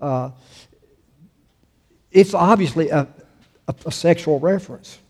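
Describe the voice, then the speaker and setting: A pastor giving a sermon, reading scripture with emphatic rises and then talking to the congregation with easy fillers. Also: male voice, a little high, unhurried, a little mellow, long reverb tail.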